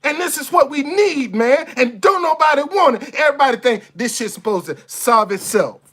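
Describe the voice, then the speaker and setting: A man venting straight into his camera in a blunt, foul-mouthed rant. He hammers the same phrases again and again and trips over quick restarts when heated. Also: extremely high pitch, lively intonation, a bit bright. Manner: blunt, profane, repeats himself for emphasis; stammers and restarts when fired up. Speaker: vlogger. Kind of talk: impassioned monologue to camera.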